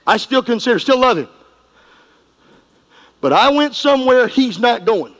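A middle-aged man preaching a sermon, folksy and emphatic, going from quiet asides to shouting. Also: very high-pitched, poor audio. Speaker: pastor.

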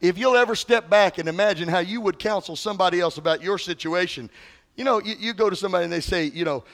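A man's voice: high-pitched, fast, fairly bright tone. A male pastor preaching a sermon in a conversational way, often asking the congregation questions.

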